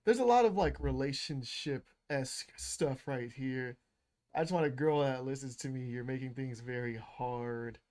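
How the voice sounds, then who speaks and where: A man's voice: medium pitch, moderate pace, darkish tone. A man hosting a reaction video, chatting casually about clips, laughing often and mocking quotes. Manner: laughs often, mocks quotes in put-on voices.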